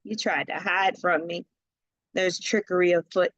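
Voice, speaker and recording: A woman's voice: fairly low pitch, fairly even intonation, measured pace, a bit bright, dry recording, highs cut off. A woman giving a casual tarot reading, chatty and slangy, laughing often and talking straight to the viewer. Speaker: tarot reader.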